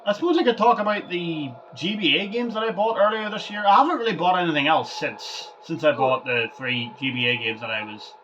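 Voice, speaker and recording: A man's voice: on the high side, brisk, hardly any pauses, bright, forceful tone, highs cut off, slight background noise. A man vlogging over gameplay in a rambling casual way, often stumbling and repeating words. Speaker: gaming vlogger.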